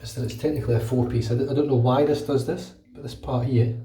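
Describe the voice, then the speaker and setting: A man's voice: mid-range voice, fairly even intonation, fast, mellow, recorded from a distance. A British man vlogging casually while shaving his head at home, chatty and rambling, swearing freely, a bit under the weather with a cold. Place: bathroom at home. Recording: echoey room, voice off-mic.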